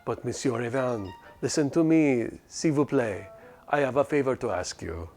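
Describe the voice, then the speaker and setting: A man's voice: mid-range voice, lively intonation, moderate pace, darkish tone, faint music behind. A man voicing a flamboyant male fashion designer in a game, with a clumsy mock French accent. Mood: gushing.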